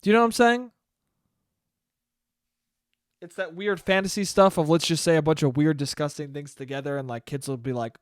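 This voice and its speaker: A man's voice: fairly high pitch, fairly quick, pauses often, dry recording, studio quality. A young man hosting a casual solo podcast, rambling in a profane, jokey way. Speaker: podcast host.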